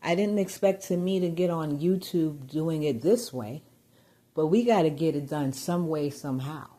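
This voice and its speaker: Low, husky-voiced agitated woman vlogger. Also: normal speed. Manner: agitated, rambling, swings loud and high when riled. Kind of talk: venting personal vlog.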